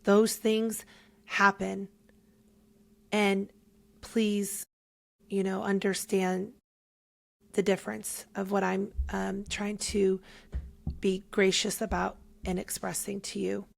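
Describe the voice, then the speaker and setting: A woman's voice: medium pitch, flat delivery, slow pace, creaky, pauses often. A young woman giving a heartfelt, emotional faith testimony as a podcast guest, at times close to tears.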